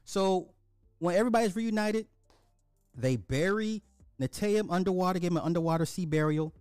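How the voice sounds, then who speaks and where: Male film reviewer, emphatic and repetitive, slightly high pitch, dry close sound. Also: normal speed, darkish tone, smooth, no room sound, faint music behind. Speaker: movie reviewer. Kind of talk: casual film recap.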